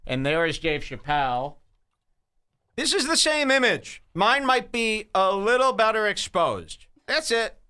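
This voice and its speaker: A man talks in a casual, mocking way, his pitch swinging up and down as he reacts to clips. His voice sounds close and dry, with no room around it. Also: measured pace, clear, resonant tone, no room sound. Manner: animated, mocking, jumps between loud and quiet. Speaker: podcast host reacting to clips. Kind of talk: casual commentary.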